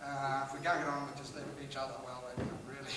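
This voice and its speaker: A man's voice: mid-range voice, level tone, quick pace, background noise. An Australian man from Queensland doing a brash, profane stand-up comedy rant on stage. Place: large music hall on stage. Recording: echoey hall, distant, crowd audible.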